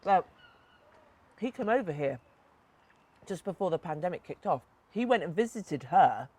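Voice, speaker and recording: A woman's voice: fairly low pitch, lively intonation, moderate pace, mellow, breathy edge. A woman, a podcast co-host and author, retelling a story bluntly with plenty of swearing, recorded outdoors in a back garden. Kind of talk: casual chat, storytelling.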